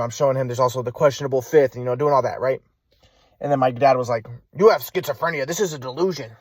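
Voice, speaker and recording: A man's voice: mid-range voice, a little mellow, no room sound. A man vlogging a personal story in a rambling, emphatic way, often repeating himself.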